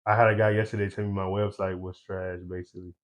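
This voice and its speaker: A young man talking as a guest in a casual interview, relaxed and laughing often, with easygoing slang. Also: sits low, quick pace. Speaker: guest, eyewear brand founder.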